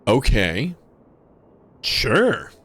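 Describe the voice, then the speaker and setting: A man's voice: medium pitch, wildly swooping pitch, very slow, fairly bright tone, slightly rough. A young man streaming a game, chatting casually with joking, rambling asides and some swearing. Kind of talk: casual gameplay commentary.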